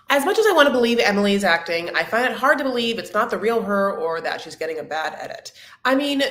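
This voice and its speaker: A woman's voice: mid-range voice, fairly bright tone, reverberant. A woman hosting a casual live recap chat, rambling and candid, with lots of tangents and filler words. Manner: rambling, chatty, full of "like" and tangents. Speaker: host of a reality TV recap show.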